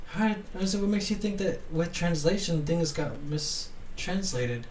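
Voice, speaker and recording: A young adult man telling a story in casual chat, animated and laughing often as he acts out what people said. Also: a little high, moderate pace, few pauses. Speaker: podcast co-host. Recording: roomy, distant mic with faint noise.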